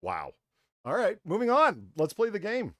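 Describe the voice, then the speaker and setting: A man running an online comedy show with a very animated voice that swings up and down as he tells stories. He laughs through his own lines and swears casually. The sound is dry and close on a computer mic. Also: high-pitched, moderate pace, no room sound.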